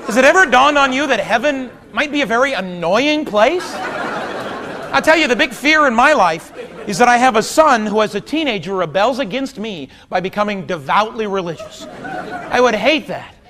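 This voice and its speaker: A man in his thirties doing stand-up comedy on a theater stage, talking wryly and conversationally, then breaking into loud outbursts. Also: very high voice, animated, normal speed, some chatter behind, a little hiss or hum. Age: 30s. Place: theater stage before a large audience. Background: audience laughter.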